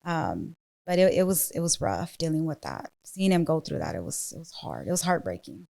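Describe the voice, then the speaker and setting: A woman telling her own story as a podcast guest, earnest and halting. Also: deep voice, sing-song, vocal fry, warm tone. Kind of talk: casual chat.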